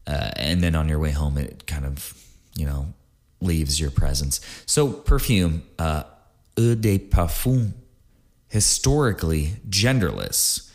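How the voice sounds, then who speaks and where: A man with a very low voice talks through a solo podcast episode. He rambles in a friendly, offhand way, cracks small jokes, and leans on filler words as he explains. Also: lively intonation, a little slow. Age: adult, married. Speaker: podcast host.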